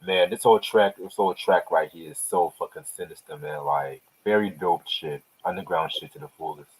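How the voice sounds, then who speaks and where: A man's voice: low-pitched, normal speed, a little hiss or hum, poor audio. A man hosting a casual hip hop album review, profane, slangy and enthusiastic. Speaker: podcast host.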